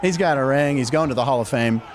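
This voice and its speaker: A man's voice: medium pitch, quick pace, some chatter behind. A middle-aged man hosting a sports show, telling stories in a chatty, joking way. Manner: chatty, jokey, animated storytelling. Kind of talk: casual sports talk.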